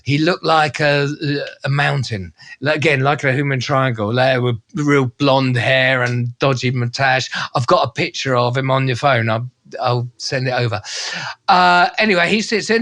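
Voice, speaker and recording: A man, a travel presenter telling a story in casual, slangy, animated style. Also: medium pitch, moderate pace. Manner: animated, slangy, acts out voices and sounds. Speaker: travel presenter and podcast co-host.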